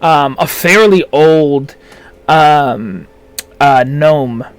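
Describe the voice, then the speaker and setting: A man narrating as game master, halting and full of fillers. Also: on the high side, smooth.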